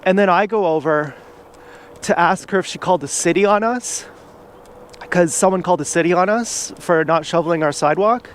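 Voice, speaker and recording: A man's voice: high-pitched, fairly quick, slight background noise. A man vlogging outdoors from an e-bike, rambling in a casual monologue full of "like" and restarts.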